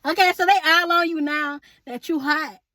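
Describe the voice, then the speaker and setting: Sassy high-voiced woman tarot reader. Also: steady tone, moderate pace, sharp tone, dry recording. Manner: sassy, chatty, calls viewers honey and boo; laughs often, asks spirit aloud. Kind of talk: casual tarot reading to viewers.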